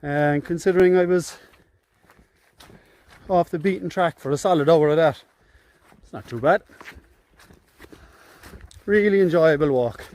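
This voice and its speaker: A man's voice: fairly high pitch, measured pace, pauses often, darkish tone. Chatty Cork-accented man on a hillside. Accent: Cork Irish. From Cork, Ireland. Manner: chatty, rambling, joking with himself. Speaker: solo hiker vlogger. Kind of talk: casual chat to camera. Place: outdoors on open hillside and meadow. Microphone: phone camera.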